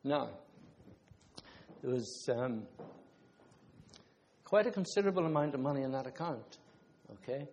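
A man's voice: mid-range voice, lively intonation, unhurried, long pauses, darkish tone, slight background noise. Preacher man, echoing hall. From Ireland. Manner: conversational preaching with testimonies and asides. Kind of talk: sermon. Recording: long hall reverb.

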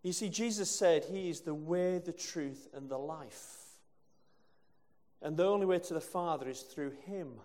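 A man's voice: on the high side, unhurried, darkish tone. A male preacher from England giving a conversational sermon with rhetorical questions and asides. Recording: long hall reverb.

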